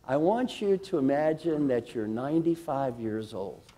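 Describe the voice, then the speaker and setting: Mellow-voiced man giving a motivational talk. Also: mid-range voice. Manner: energetic and emphatic, asks the audience questions; slows and drops softly for a guided reflection. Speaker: speaker giving a talk on coaching. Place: conference hall before a live audience.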